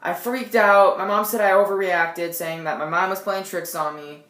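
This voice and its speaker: A woman's voice: on the low side, normal speed. Young woman telling a story in an echoey room. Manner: animated, swings between loud outbursts and quiet asides. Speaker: vlogger. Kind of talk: casual storytelling vlog. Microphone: tablet built-in mic.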